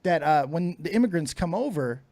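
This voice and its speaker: A man's voice: on the high side, brisk, dry recording. A middle-aged man co-hosting a casual podcast, swearing freely and laughing often. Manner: profane, laughs often, excitable. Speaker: podcast co-host.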